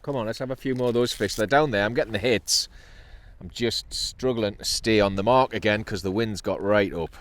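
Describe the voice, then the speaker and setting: A man's voice: fairly low pitch, brisk, a bit bright. A middle-aged man with a Geordie accent, cheerfully narrating his own sea fishing from a kayak in casual commentary. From North East England. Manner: cheerful, chatty, breaks into laughs and exclamations. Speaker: kayak angler and channel host.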